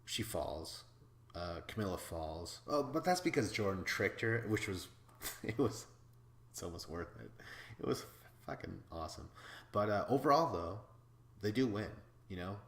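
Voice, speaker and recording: A man from Wisconsin hosting a podcast, recapping episodes in a casual, excitable way, swearing freely and laughing as he talks. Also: fairly low pitch, unhurried, echoey room. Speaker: podcast host.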